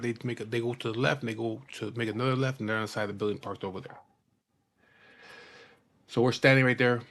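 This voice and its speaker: A man telling a personal story in casual talk, rough and profane, often repeating and restarting his words. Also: mid-range voice, a bit bright.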